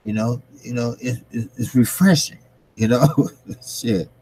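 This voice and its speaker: With a husky, darkish, mid-range voice at a measured pace, a middle-aged man chats to his channel's viewers and camera. The rough recording has no echo, and he rambles loosely, using plenty of fillers and laughing often.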